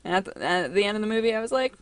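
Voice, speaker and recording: A young woman chats to her livestream audience from home. Her voice is lively and bounces up and down in pitch, and she gets excitable. The sound is dry and close, with no room around it. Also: very fast, no room sound. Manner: chatty and excitable, squeals when excited, coos at her cat. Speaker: livestream host. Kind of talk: casual livestream chat.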